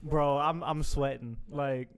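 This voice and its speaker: A man's voice: a little high, slow, clear, resonant tone. A man talking as a guest on a casual podcast, laughing often and acting out dramatic scenes as he speaks. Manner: animated, laughs often, acts out dramatic scenarios.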